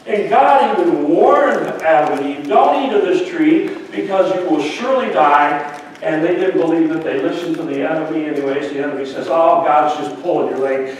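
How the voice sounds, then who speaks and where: An older man preaches a sermon, chatting with the congregation and telling playful stories. His voice sits a touch high and carries from a distance. The church is very echoey, with a faint hiss behind him. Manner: storytelling with playful asides to the congregation. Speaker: pastor. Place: church sanctuary. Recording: echoey church hall from far off.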